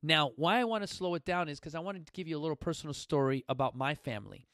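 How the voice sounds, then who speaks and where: A man, hosting his own fitness talk show and telling a personal story in a direct, emphatic way that swings between loud bursts and quiet asides. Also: on the high side, fast, no room sound, clean studio sound. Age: 40s. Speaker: gym founder and podcast host. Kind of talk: motivational storytelling monologue. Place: coastal Southern California gym studio.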